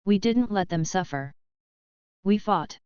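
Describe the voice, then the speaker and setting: A woman's voice: mid-range voice, lively intonation, takes it slowly, a little mellow, clear, resonant tone, no echo, lo-fi sound. A woman voicing an angry, brooding young man who speaks curtly. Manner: growling, curt.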